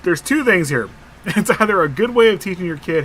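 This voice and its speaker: A man's voice: high voice, lively intonation, brisk, fairly bright tone, slight background noise. A man hosting a podcast over a video call, chatting casually, chuckling often and apologizing easily. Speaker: podcast host.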